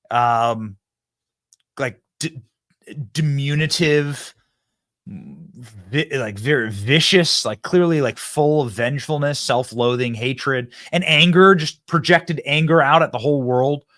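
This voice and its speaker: A man's voice: mid-range voice, slow pace, dry recording, studio quality. A man hosting a political commentary show, talking in a casual, mocking way and laughing often. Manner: animated, sarcastic, laughs often. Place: studio.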